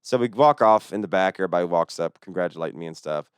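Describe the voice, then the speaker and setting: A young man, a stand-up comedian telling a story in casual chat, fast and full of swearing. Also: sits low, smooth, dry recording. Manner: fast-talking, profane.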